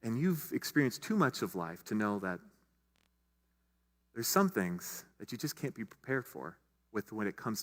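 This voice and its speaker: Man preaching in a reverberant church. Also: on the low side. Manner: conversational, with asides and restarts. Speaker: pastor. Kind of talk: sermon. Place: church sanctuary. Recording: long hall reverb.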